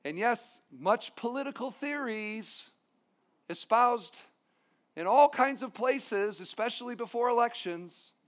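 A pastor with a strikingly high voice preaches a sermon with emphatic force. He mixes his points with humorous asides. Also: lively intonation, slow.

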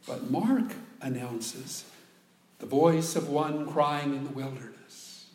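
A man preaching a sermon as pastor, speaking slowly and deliberately and leaning hard on key words. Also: mid-range voice, darkish tone, slight background noise. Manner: slow, deliberate preaching with dramatic emphasis. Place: church sanctuary. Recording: echoey church room, faint ambience.

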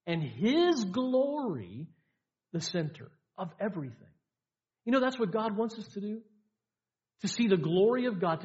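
A man preaching a sermon, emphatic, with repeated lines and dramatic pauses. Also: sits high, darkish tone, highs cut off. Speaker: pastor. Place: church sanctuary.

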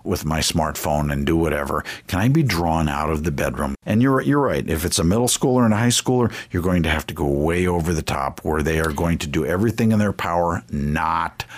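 A middle-aged man with a very low voice hosts a radio talk show. He tells animated, self-mocking stories in an easy conversational way. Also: fairly quick, few pauses. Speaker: radio host, family ministry leader.

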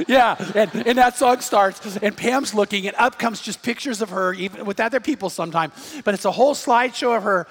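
Male pastor, higher register, emphatic storytelling sermon in a reverberant sanctuary. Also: fairly quick. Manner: storytelling, emphatic, rises to shouts on key points.

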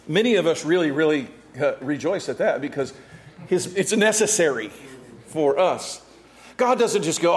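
A middle-aged man delivering a sermon in a notably high voice. He preaches with energy, acting out the people he quotes. He rises to loud calls and drops to hushed, quiet stretches. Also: big pitch swings, normal speed. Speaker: pastor.

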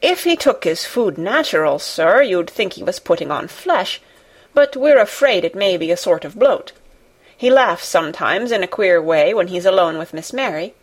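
A woman's voice: lowish voice, lively intonation, moderate pace. A woman voicing a flustered, talkative older housekeeper who rambles deferentially to her master. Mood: anxious.

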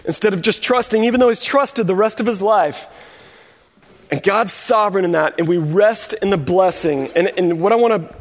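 This high-voiced pastor preaches at a moderate pace, his voice carrying the sound of a big room. His sermon is conversational, and he acts out brief quoted lines from the people in his story.

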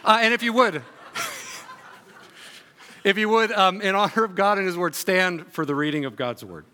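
A man preaching a sermon in a church, reading scripture aloud and teaching with relaxed, joking asides. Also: high-pitched, moderate pace. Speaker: guest preacher. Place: church sanctuary.

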